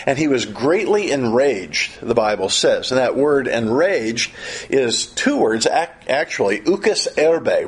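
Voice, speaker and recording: A middle-aged male preacher with a husky, slightly breathy voice gives a sermon. His pitch swings widely as he talks. He often doubles back and repeats words while he builds his points. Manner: animated, repeats and restarts phrases.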